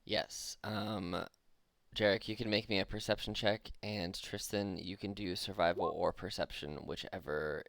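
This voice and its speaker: A man running a tabletop game as game master, describing scenes in a relaxed, loose way with frequent laughs. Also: low-pitched, unhurried, vocal fry, dry recording.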